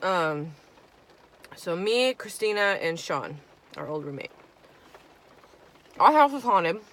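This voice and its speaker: A woman's voice: fairly low pitch, lively intonation, slow, a bit bright, slight background noise. A woman in her twenties telling a casual storytime while eating, chatty and profane, acting out her friends' lines. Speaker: vlogger.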